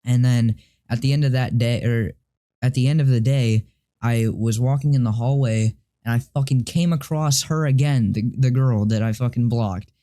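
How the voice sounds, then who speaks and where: Teen boy vlogger, mellow mid-pitched voice, halting and rambling, swears casually. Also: steady tone. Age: teens. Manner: rambling, halting, with many restarts and fillers; confused and frustrated, swears casually. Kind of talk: casual storytelling to camera.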